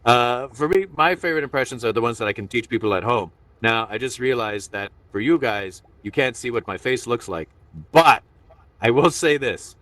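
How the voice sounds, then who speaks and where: A man's voice: medium pitch, moderate pace, a bit bright, no echo, recorded from a distance. A man doing a playful, rambling stand-up set streamed online. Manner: rambling, self-interrupting, playful. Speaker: stand-up comedian.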